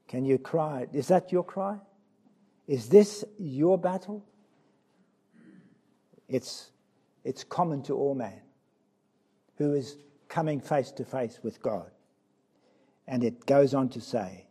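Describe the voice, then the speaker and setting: A man preaching a sermon, impassioned and full of questions for his listeners, swinging from loud cries down to low, quiet asides. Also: slow, pauses often, slightly rough.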